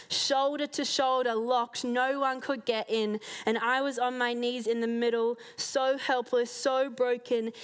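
A woman giving a heartfelt personal faith testimony to a church gathering, earnest and sincere, with soft laughs now and then. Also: fairly high pitch.

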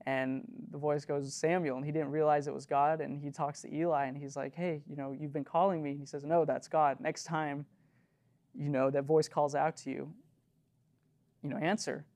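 Earnest young man preaching, gravelly voice. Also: a little high, little pitch movement, moderate pace, darkish tone. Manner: earnest, conversational, with frequent fillers and nervous laughs. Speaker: youth leader preaching. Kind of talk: sermon.

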